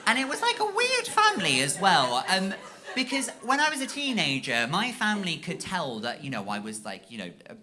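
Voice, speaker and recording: A man's voice: high-pitched, wildly swooping pitch, moderate pace. A stand-up comedian from Cornwall, a man talking in a chatty, self-mocking way and checking in with the audience on a comedy stage. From Cornwall, England. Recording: live show with loud audience laughter.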